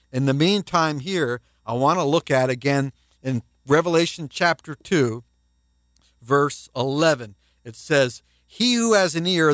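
A man preaching a sermon as a pastor, emphatic and rising in pitch when quoting scripture. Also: fairly bright tone, no echo.

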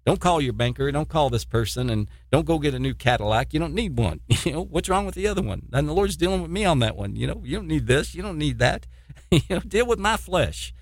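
A man's voice: a little high, expressive, a little fast, no echo, clean studio sound. A man preaching an informal sermon in an earnest, repetitive way, often adding "you know" and chuckling.

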